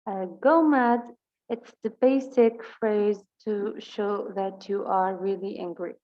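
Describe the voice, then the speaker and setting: A woman with a Levantine Arabic accent who speaks Arabic natively, teaching English vocabulary. She reads example sentences slowly and explains them quickly. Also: mid-range voice, lo-fi sound. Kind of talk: bilingual vocabulary lesson.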